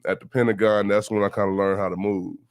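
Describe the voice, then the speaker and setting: Laid-back Southern man, low voice. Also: flat delivery, fast talker. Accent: Southern US (Houston). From Houston, Texas. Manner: laid-back, profane, laughs often. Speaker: guest. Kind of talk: casual interview chat. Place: radio station studio.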